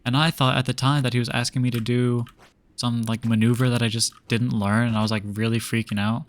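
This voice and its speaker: Gravelly young man ranting mid-game. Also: medium pitch, flat delivery, fairly quick. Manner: rambling, exasperated, many fillers. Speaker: streamer. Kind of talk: casual storytelling while gaming.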